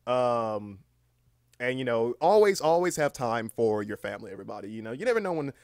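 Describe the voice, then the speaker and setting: A man chatting casually on a live stream, rambling and swearing freely, reading aloud haltingly with lots of fillers. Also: mid-range voice, sing-song, darkish tone, clean tone, no room sound. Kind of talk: casual livestream chat.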